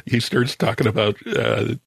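On a casual podcast, the show's producer and co-host, a man from California, talks in a medium-pitched, gravelly and slightly rough voice. His speech is soft and halting with frequent restarts, and there's no room sound.

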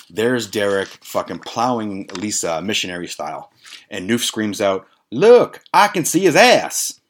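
A man's voice: deep voice, fairly bright tone. A man hosting a podcast, telling a long story in a casual, profane, rambling way that keeps breaking off and restarting. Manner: profane, rambling, self-interrupting. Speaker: podcast host. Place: Toronto.

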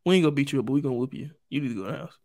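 A young man in his twenties with a Southern US accent, co-hosting a podcast in joking, animated casual chat. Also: mid-range voice, racing. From Jackson, Mississippi, US. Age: 20s. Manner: joking, animated, breaks into laughter and impressions. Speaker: podcast co-host.

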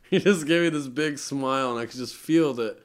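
A young man tells a personal story as a podcast guest. His voice sits at an ordinary middle pitch, and he talks in an earnest, rambling way, full of fillers. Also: moderate pace. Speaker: musician guest.

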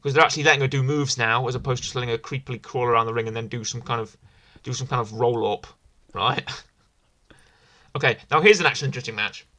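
A man hosts a casual wrestling review podcast, rambling enthusiastically and often repeating himself. His mid-range voice is fast, bright, and forceful.

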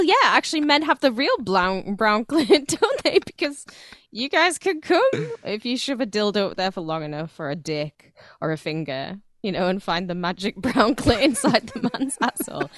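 A woman's voice: mid-range voice, very animated, moderate pace, a bit bright, no room sound, studio quality. A woman co-hosting a podcast in casual chat, crude and giggly. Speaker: podcast co-host.

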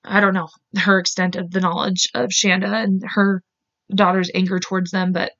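Female podcast host, casual true-crime storyteller, chatty and swears freely, mid-range voice, dull low-fidelity recording. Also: little pitch movement, normal speed, a bit bright. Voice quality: chatty, heavy on "like" fillers, swears when angry.

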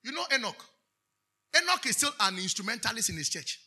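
A man's voice: sits high, sing-song, brisk, pushed and bright, slightly rough. A Ghanaian man preaching a sermon, preaching emphatically, drawing answers from the congregation with questions and switching between English and Twi. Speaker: pastor.

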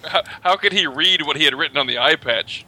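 A man with a very bright, sharp-edged voice drops short jokes into the conversation. His remarks are brief punchlines and asides rather than long stretches. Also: on the high side, poor audio. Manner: quick wisecracks, laughing asides. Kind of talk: casual movie chat.

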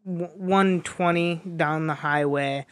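A man's voice: on the high side, steady tone, slow, a bit bright, clear, resonant tone. A young man telling a rambling story in casual chat, with lots of fillers and restarts.

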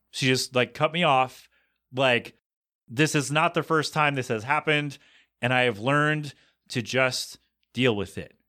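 A man on a podcast telling a rambling anecdote in a casual, animated way, acting out the people in it as he goes. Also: on the high side, moderate pace. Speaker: podcast co-host. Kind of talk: casual storytelling chat.

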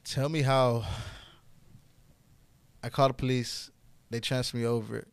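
Animated young man from telling a story. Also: measured pace, gravelly, clear, resonant tone, no room sound. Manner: animated, swears freely, gets loud and high when excited. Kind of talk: casual podcast storytelling.

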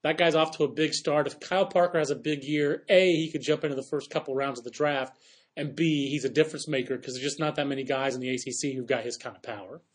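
A man hosting a sports podcast, talking in a quick, chatty way with playful asides. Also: a little high, fairly even intonation. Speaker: podcast host. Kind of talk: casual sports chat.

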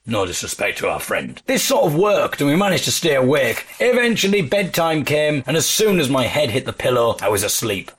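A man with an English accent recording a spoken audio diary in a hotel room, storytelling wryly and deadpan with mock-dramatic emphasis. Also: mid-range voice, fairly quick, hardly any pauses. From England. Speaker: folk musician and audio diarist. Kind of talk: casual spoken diary with dry humour.

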